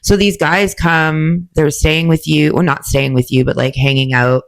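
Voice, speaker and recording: A woman hosting a casual interview, blunt and swearing freely as she prompts with quick questions. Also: deep voice, steady tone, creaky. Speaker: podcast host.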